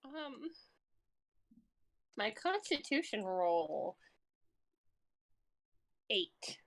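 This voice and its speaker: A woman playing a tabletop game casually, blunt and quick to swear. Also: medium pitch, sing-song, fairly bright tone. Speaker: player.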